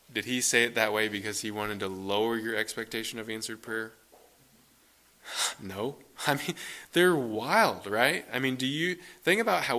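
A middle-aged man preaching a sermon in an earnest, questioning way. His voice is bright and forward, and at moments of emphasis it climbs to excited peaks. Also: mid-range voice.

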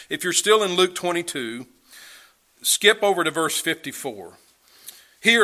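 A man's voice: a little high, bright, forceful tone. A man preaching a sermon, reading scripture aloud and pressing his listeners with emphatic questions. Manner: dramatic, rising and falling delivery with emphatic questions.

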